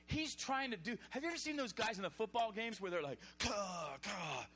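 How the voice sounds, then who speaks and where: Casting: energetic preacher, fairly high voice, exhorts and shouts at times. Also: male voice, fast talker. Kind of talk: sermon.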